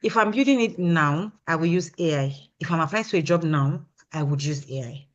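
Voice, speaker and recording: A woman's voice: low-pitched, brisk, highs cut off. A woman guest in an interview, a product consultant explaining her approach emphatically and often asking "you understand?". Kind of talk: casual interview answer.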